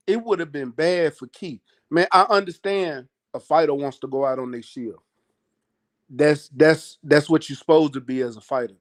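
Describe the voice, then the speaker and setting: A man with a fairly high speaking voice argues about a fight in a loud, emphatic way. He talks slangy and casual and hammers his points home by repeating them. It sounds like a heated podcast chat. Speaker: boxing podcast co-host.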